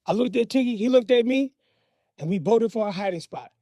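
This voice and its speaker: A man's voice: high voice, no room sound. A man telling a personal story from his childhood in a vivid, dramatic way. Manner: animated, vivid, dramatic pauses.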